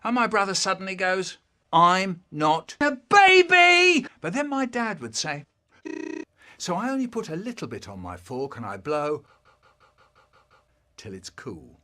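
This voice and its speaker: A man telling a comic childhood story in a theatrical, drawn-out, expressive way. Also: high voice.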